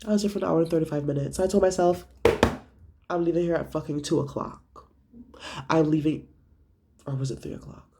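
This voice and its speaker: Young guy venting about his week, mellow warm voice, swears a lot, acts out everybody's lines. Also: on the high side, steady tone, a little fast, vocal fry, pauses often, a little hiss or hum. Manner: gossipy, profane storytelling with acted-out quotes. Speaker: vlogger. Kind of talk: casual chat.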